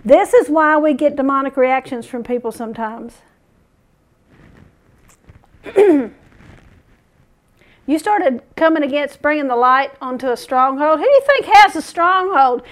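A woman preacher giving a sermon, telling stories in an animated way and chuckling often. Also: sits high, measured pace, pauses often.

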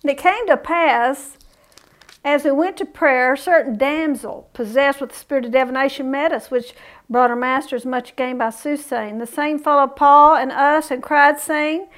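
High-voiced woman teaching the Bible. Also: moderate pace, a bit bright. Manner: folksy and chatty between readings. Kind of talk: Bible study reading scripture with casual asides.

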